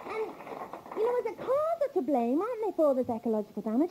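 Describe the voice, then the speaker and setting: A woman's voice: sits high, very animated, quick pace, mellow, slight background noise, poor audio. A woman doing stand-up, chatty and emphatic, with rhetorical asides. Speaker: stand-up comedian. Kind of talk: stand-up routine.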